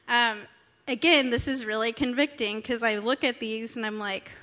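A woman's voice: a little high, steady tone, moderate pace, bright, forceful tone. A young woman preaching a sermon in church, conversational and candid, with stories from her home life. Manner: conversational, candid, with personal anecdotes.

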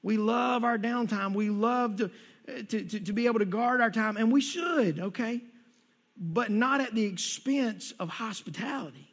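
A man's voice: sits high, normal speed, fairly bright tone, breathy edge. A male pastor giving a conversational sermon to his congregation, often repeating words as he goes. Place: church sanctuary.

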